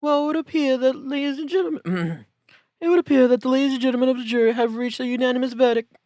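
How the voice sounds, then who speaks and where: A man voicing a fussy, flustered old male judge in a pompous, shrill courtroom manner while reading game dialogue. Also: quick pace, darkish tone, dry recording, clean studio sound.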